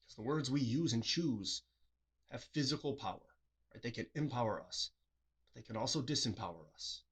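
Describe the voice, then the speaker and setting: A man's voice: mid-range voice, brisk, husky. A man hosting a reflective solo talk, earnest and questioning, often acting out short quoted replies in a livelier voice. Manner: earnest, asks the listener many questions, acts out quoted replies. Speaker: host.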